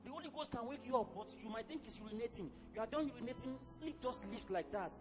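High-voiced Nigerian preacher, fiery. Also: male voice, animated, quick pace, lo-fi sound, music in the background. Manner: fiery, exclamatory preaching with sudden shouts. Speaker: pastor. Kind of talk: sermon.

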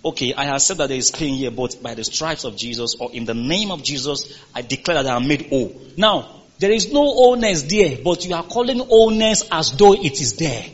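A man's voice: on the high side, lively intonation, a little fast, breathy edge, muffled recording. A man preaching a sermon as pastor, emphatic and calling for responses from the congregation.

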